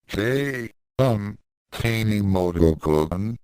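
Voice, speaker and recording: A man's voice: fairly low pitch, expressive, very slow, a little mellow, smooth, no echo. A man reading a story aloud, voicing a nervous teenage boy who hesitates and stammers. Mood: hesitant.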